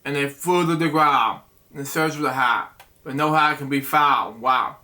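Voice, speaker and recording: A man hosting a bedtime story show, reading a picture book aloud in a halting way, stumbling over words and breaking off with asides. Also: mid-range voice, steady tone, pushed and bright. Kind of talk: casual read-aloud with asides.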